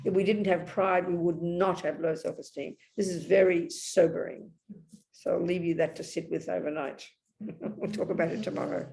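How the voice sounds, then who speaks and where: Emphatic Buddhist nun teaching over a call. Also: female voice, fairly low pitch, fairly even intonation, moderate pace, gravelly, warm tone. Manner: emphatic, intimate, calls listeners darling. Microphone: video call.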